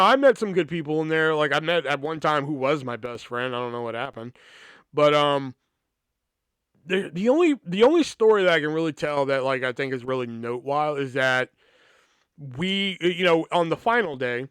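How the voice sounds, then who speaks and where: A man with a fairly high voice tells a meandering story from his school days. He swears constantly, pads his sentences with filler words and keeps restarting them. The sound is dry, with no room echo. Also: expressive, normal speed, fairly bright tone, clean tone. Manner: rambling, heavy swearing, many fillers. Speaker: podcast host. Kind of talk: casual storytelling.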